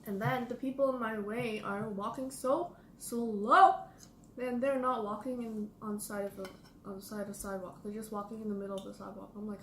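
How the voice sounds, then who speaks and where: A woman's voice: medium pitch, fairly even intonation, a little fast, distant mic, noisy background. A young woman vlogger in casual chat, rambling through stories. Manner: rambling storyteller. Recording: echoey room, off-mic, guitar music.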